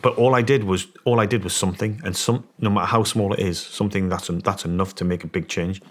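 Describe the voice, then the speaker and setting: A man's voice: low-pitched, fairly even intonation, fast talker. A man telling a story in casual conversation as a guest, rambling with many restarts and emphatic points. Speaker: guest, former special forces soldier.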